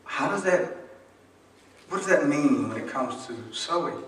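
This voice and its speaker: Man, pastor, somewhat high voice, folksy call-and-response sermon, booming church echo, mic well off. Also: expressive, unhurried. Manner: call-and-response preaching, asks the congregation to finish his lines; folksy, humorous, conversational delivery. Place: church sanctuary. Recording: echoey church from a distant mic.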